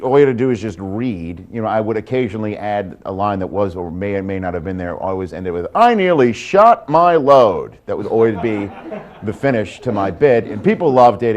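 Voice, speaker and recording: Low-voiced man telling a comic anecdote. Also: a little fast, darkish tone. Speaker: guest contestant. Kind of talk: comic storytelling on a game show.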